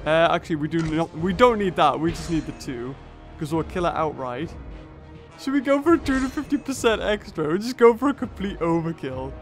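A man's voice: on the high side, lively intonation, a little fast, faint music behind. A young man commentating on a mobile game he is playing, thinking aloud through each move and exclaiming at big hits. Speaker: gaming channel host. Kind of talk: let's play commentary.

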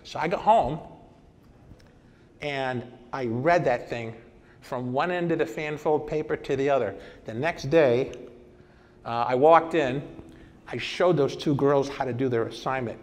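A man in his sixties giving a conference talk and telling lively anecdotes. He acts out old conversations as he goes. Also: mid-range voice, a little slow, pauses often. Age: 60s. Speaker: conference speaker. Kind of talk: presentation talk with storytelling. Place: hall at a vintage computer festival. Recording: long hall reverb.

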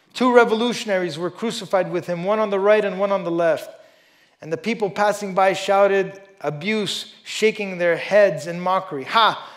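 A pastor preaching a sermon and reading scripture aloud, emphatic, moving between loud stresses and quiet asides, with conversational "you know" remarks. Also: male voice, sits high. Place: church service before a congregation.

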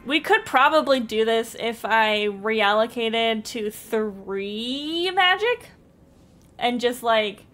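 A young woman commenting live on her own gameplay, excitable, with frequent yelps and laughs. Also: a little high, slow pace. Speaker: streamer playing a game. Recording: game music playing behind.

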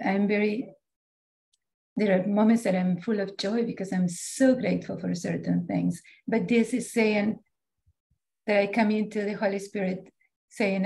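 A woman's voice: mid-range voice, vocal fry, a little mellow. A woman in a group discussion on a video call, asking a question in a searching, hesitant way. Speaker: study group participant.

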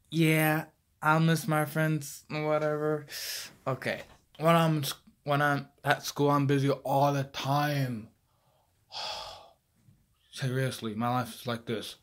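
A man's voice: medium pitch, fairly even intonation, slow pace. A young man performing a comic monologue as a lazy, sarcastic teenage boy superhero who sighs often. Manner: sarcastic, exasperated, sighing. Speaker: actor playing a teen superhero.

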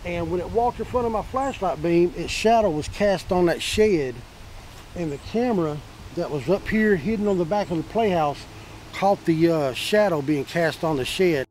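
A man telling his own encounter in an interview, animated, repeating himself, going from loud bursts to hushed tones. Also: high voice, moderate pace, slight background noise. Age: adult, a father. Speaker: eyewitness interviewee. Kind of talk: emotional first-person retelling.

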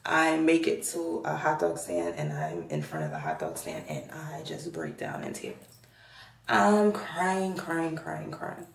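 A woman's voice: extremely low pitch, big pitch swings, normal speed, creaky, few pauses, crowd noise. A young woman with a Jamaican accent telling a personal story to her viewers in casual vlog chat, acting out the voices she quotes. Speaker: vlogger. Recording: echoey room.

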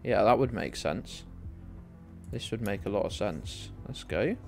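A man's voice: lowish voice, lively intonation, unhurried, gravelly, a little mellow. A man streaming a geography game, chatting in a rambling way with his viewers and swearing freely. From United Kingdom. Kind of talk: casual game streaming chat. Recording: faint music underneath.

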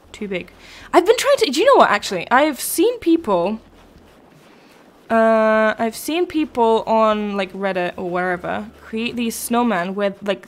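A young woman chats casually through a game livestream, jumping from thought to thought and answering her viewers. Her voice sits a little high and her talk is loose and rambling. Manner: rambling, chatty, laughs often, answers chat. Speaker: game streamer. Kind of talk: casual live-stream chat.

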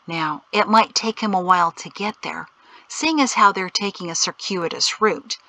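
Brief: easygoing male guide, calm and dry-humored, read by a woman narrator, bright tone. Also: high voice, moderate pace, rough recording. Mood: wry.

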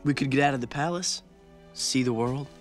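An actor voicing a shy, earnest young man who speaks softly in an animated film. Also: mid-range voice, moderate pace, faint music behind, lightly acted. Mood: tender. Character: bashful charming young man with a magic carpet.

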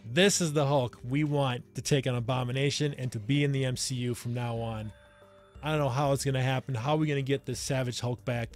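An excited man hosting a casual movie review, speaking at an ordinary middle pitch. He addresses his viewers directly and keeps checking in with them. Soft music plays faintly underneath. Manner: enthusiastic, talks straight to viewers, keeps asking "right?". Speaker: movie review channel host.

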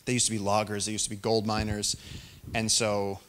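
A young adult man giving a live storytelling talk to an audience, animated and acting out the voices of the people in his story. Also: on the low side, brisk. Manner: animated storyteller, acts out quoted voices, rising excitement. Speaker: featured speaker.

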